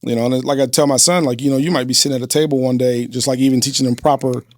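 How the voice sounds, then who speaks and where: A man's voice: medium pitch, steady tone, rapid-fire, no echo, studio quality. A man who is a business owner and father, a guest on a podcast, telling stories in an earnest, instructive way with everyday fillers. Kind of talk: casual interview chat.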